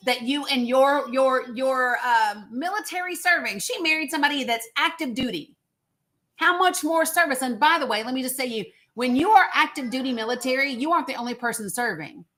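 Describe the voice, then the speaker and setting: A woman's voice: sits high, fairly bright tone. A woman hosting a political livestream, talking bluntly to her viewers and swearing. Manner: blunt, profane, addresses viewers directly. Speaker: host.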